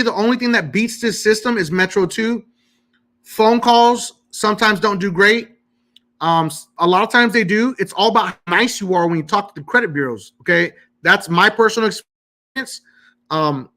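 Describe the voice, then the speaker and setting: High, bright-voiced man hosting a live Q&A. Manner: emphatic, keeps checking in with "okay?". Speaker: credit repair host. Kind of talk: live-stream Q&A.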